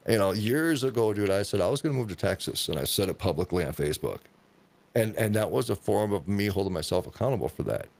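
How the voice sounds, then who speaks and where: Man, podcast host, low pitch, emphatic, swears a lot, casual chat. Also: lively intonation, fast talker, vocal fry, a little mellow. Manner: profane, emphatic storytelling.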